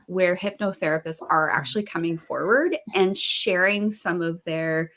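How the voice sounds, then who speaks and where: A woman hosting an interview podcast, earnest and upbeat, with lively emphasis. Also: fairly low pitch, normal speed. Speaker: podcast host.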